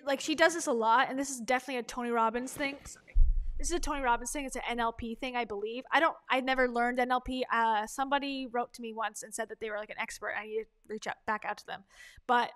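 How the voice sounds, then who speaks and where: A woman hosts a livestream and pauses a speech clip to pick it apart. Her voice runs slightly high, and her talk is loose and skeptical, packed with fillers. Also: a bit bright. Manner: chatty, critical, many fillers. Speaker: livestream commentator. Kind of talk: casual commentary on a clip.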